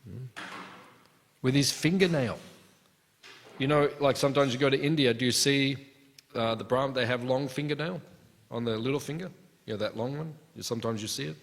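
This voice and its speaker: A man's voice: medium pitch, brisk, gravelly, pauses often. A man giving a devotional scripture class, telling stories conversationally and acting out the characters' lines. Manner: storytelling with acted asides, conversational. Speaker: class speaker. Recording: long hall reverb.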